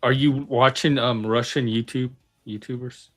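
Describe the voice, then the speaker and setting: A man's voice: medium pitch, steady tone, soft background music. Teasing man hosting a casual chat. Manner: teasing, wisecracking, quick asides. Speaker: host.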